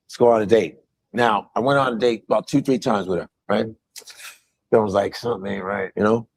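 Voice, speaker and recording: Animated New man telling a story. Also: on the low side, fairly quick, slightly rough. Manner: animated, swears freely. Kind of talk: casual storytelling.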